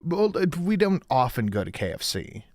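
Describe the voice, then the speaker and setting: A man's voice: medium pitch, big pitch swings, normal speed, darkish tone, dry recording, studio quality. A man telling a story in casual chat, profane and exasperated.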